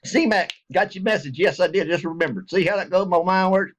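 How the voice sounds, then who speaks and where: Guy, middle-aged, kinda high voice, rambling folksy joking talk straight to his viewers. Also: brisk. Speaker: vlogger. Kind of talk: casual direct-to-camera talk.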